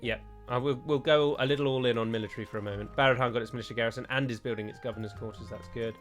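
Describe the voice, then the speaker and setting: A man's voice: mid-range voice, fairly even intonation, rapid-fire, soft background music. A man playing a strategy game and commenting as he goes, chatty and thinking aloud with frequent digressions. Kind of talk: let's play commentary.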